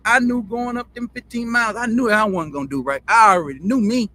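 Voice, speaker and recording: A man's voice: high voice, brisk, pushed and bright. A man with a Southern country drawl hosting his own show, telling stories in a rambling, profane monologue and repeating himself. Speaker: show host. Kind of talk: casual storytelling monologue.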